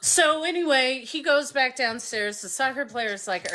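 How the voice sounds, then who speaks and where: A woman hosting a casual live stream, telling a lively story and acting out the voices of the people in it. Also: fairly high pitch, measured pace. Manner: animated storyteller who acts out voices. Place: home by a fireplace.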